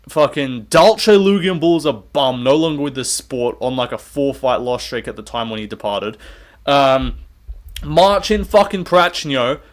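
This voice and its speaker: A young man giving fight predictions in a heated, profane, sarcastic rant. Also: medium pitch. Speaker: MMA commentator. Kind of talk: ranting fight-prediction vlog.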